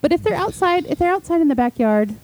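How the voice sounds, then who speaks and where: A woman co-hosting a podcast, telling excited, chatty stories in casual conversation. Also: extremely high pitch, quick pace, poor audio. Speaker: podcast co-host. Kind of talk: casual chat.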